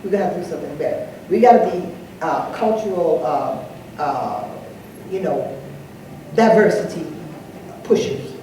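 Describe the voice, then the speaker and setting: An older woman speaking on an anniversary panel, an animated storyteller who acts out the dialogue in her anecdotes. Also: on the low side, normal speed. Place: large echoey hall, live event. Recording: echoey hall, distant mic, faint noise.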